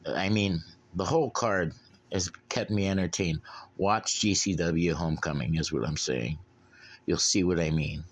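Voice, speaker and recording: Solo podcast host, man, low-pitched, profane and laid-back rambler. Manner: profane, blunt, drinking beer while talking.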